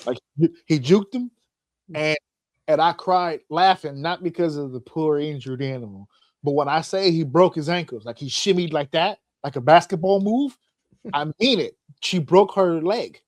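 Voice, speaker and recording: A man's voice: fairly high pitch, normal speed, no echo, clean studio sound. A man co-hosting a casual podcast, telling funny stories with lots of swearing and acted-out voices. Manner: animated storyteller, acts out voices, swears freely. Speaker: podcast host. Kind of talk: casual comedic chat.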